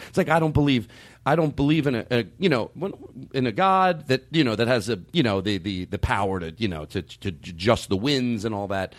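A man hosting a podcast, talking in a halting, rambling way with many restarts and fillers, with a hint of sarcasm. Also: medium pitch, animated. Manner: openly sarcastic at times. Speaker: podcast host. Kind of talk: casual discussion.

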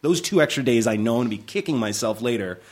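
A man in his forties, a film director telling stories in a casual chat, acting out quotes with big jumps in his voice. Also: fast talker. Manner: animated storyteller, acts out quotes with big pitch jumps. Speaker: film director, podcast guest.

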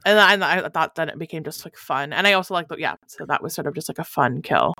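A woman's voice: low voice, lively intonation, fast, vocal fry, bright, forceful tone, no echo, studio quality. A woman co-hosting a podcast, chatting casually about a movie and laughing often. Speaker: podcast co-host. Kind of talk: casual movie review chat.

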